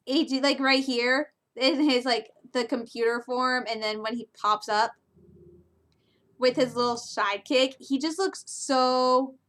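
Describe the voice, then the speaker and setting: A woman in her twenties from Michigan gushing casually about a movie trailer in a reaction video, excitable and quick to laugh. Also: high-pitched. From Michigan, USA.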